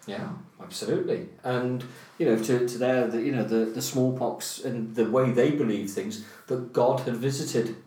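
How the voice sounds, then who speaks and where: A man's voice: medium pitch, fairly even intonation, moderate pace, few pauses, dark tone. A man co-hosting a podcast in casual chat, hesitant and self-correcting, with dry humor. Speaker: podcast co-host. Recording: roomy, distant from the mic.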